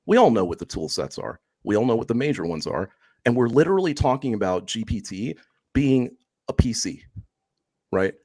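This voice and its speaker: A man co-hosting a podcast discussion, talking in an animated, conversational way and tagging his points with quick questions. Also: mid-range voice, husky, dry recording, clean studio sound. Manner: animated, conversational, drops in "right?" tags. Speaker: co-host.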